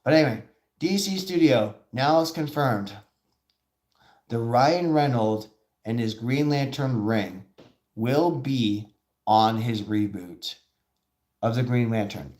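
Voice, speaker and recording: A man hosting a live show, talking in rambling, excitable casual commentary and acting out quoted voices as he goes. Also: medium pitch, slow pace, pauses often.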